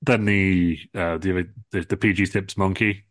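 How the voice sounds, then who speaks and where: A man's voice: low-pitched, steady tone, moderate pace, no room sound. A man co-hosting a comedy podcast, telling a rambling made-up story with lots of ums, restarts and giggles. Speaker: podcast co-host.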